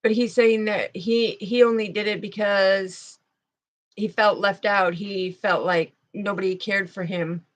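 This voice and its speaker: Woman intuitive reader, emotional and halting, sadness in her voice, channeling messages. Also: medium pitch, fairly even intonation. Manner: halting, emotional, speaks slowly with pauses. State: tearful, sad voice. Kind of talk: spiritual channeling reading.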